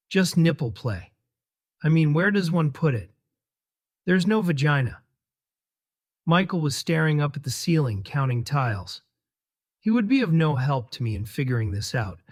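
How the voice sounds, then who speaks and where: A man narrating his own memoir audiobook in a wry, sardonic storytelling manner. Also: fairly high pitch.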